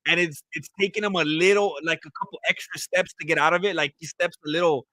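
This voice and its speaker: A man's voice: on the high side, steady tone, fast, pushed and bright, no echo. Man, casual fight commentary, jokey and rambling, dry close sound. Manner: joking, rambling, repeats himself. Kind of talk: casual live fight watch-along commentary.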